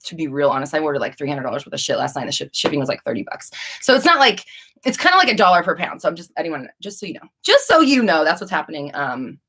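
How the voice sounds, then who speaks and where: A woman's voice: low voice, very animated, fast, sharp tone, a little hiss or hum. A young woman hosting a live Q&A stream, rambling and casual with frequent restarts and swearing. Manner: rambling, profane, chatty with restarts. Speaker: livestream host.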